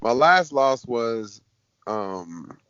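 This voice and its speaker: Lively storytelling fighter, a man. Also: medium pitch, very slow, smooth, no echo. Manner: lively storyteller, acts out quoted voices. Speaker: MMA fighter guest. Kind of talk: casual storytelling interview. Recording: dull dry podcast audio.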